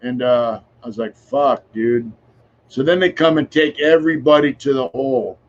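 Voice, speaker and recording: A man's voice: mid-range voice, moderate pace. A man around sixty speaks as a podcast guest. His voice sits in a middle register, and he talks casually, frankly and at length, with frequent filler phrases and some swearing. The recording sounds dull and a little muffled. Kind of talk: casual conversational storytelling.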